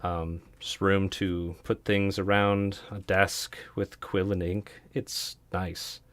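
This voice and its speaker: A man running a tabletop game as dungeon master, narrating scenes in a relaxed, hesitant way full of fillers. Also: sits low, slow pace.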